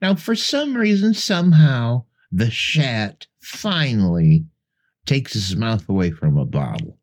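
A man's voice: medium pitch, very animated, slow. A man co-hosting a podcast, dryly recapping the plot of a bad old movie. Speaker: podcast co-host.

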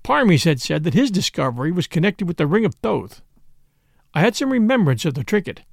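Gravelly male narrator, lively and grave, close dry studio read. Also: high voice, fairly quick, no room sound. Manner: grave, impassioned storytelling. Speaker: audiobook narrator. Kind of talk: dramatic first-person narration.

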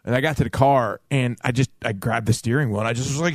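A man co-hosting a sports radio show, telling stories in an animated way and acting out what people said. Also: medium pitch, quick pace, few pauses, no room sound. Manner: animated storyteller who acts out quotes. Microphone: studio microphone.

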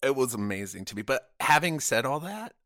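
A man's voice: mid-range voice, fairly quick, no room sound, studio quality. A man telling stories in casual chat, swearing a lot and acting out what people said to him. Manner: animated, acts out quotes, swears, says dude. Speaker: podcast guest.

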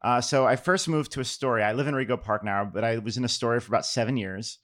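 A middle-aged man from New York, a poet telling a casual anecdote with fillers and restarts, then reading his poems aloud. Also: on the low side. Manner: relaxed, self-deprecating, many fillers and restarts.

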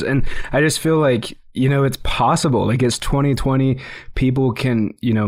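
A man's voice: mid-range voice, a little mellow. Earnest male podcast host. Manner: earnest, rambling questions with many fillers. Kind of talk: casual podcast interview.

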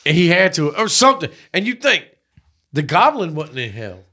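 A man co-hosting a podcast, chatting casually and profanely, retelling a movie with excitable energy. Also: on the high side, normal speed. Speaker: podcast co-host. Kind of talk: casual chat.

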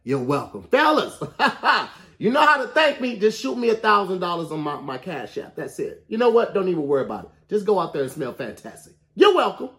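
Brief: male podcast host, high and lively, playful ad-read energy. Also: brisk, few pauses. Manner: animated, joking, reads ad spots playfully. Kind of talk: casual podcast chat.

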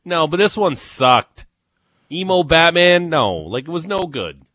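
A man's voice: fairly high pitch, sing-song, measured pace, bright, forceful tone, no echo, studio quality. A man co-hosting a sports radio show, opinionated and joking in casual banter. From Ontario. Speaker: radio co-host.

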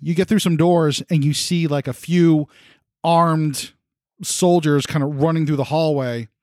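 A man's voice: a little high, steady tone, a little slow, a little mellow, dry recording, clean studio sound. A man acting as game master, narrating a tabletop game in a casual, easygoing way.

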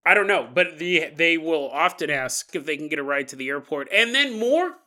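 A man's voice: fairly high pitch, lively intonation, normal speed, pushed and bright. A man hosting a podcast, telling ghost stories casually with playful, jokey asides. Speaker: podcast host. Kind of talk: casual paranormal storytelling.

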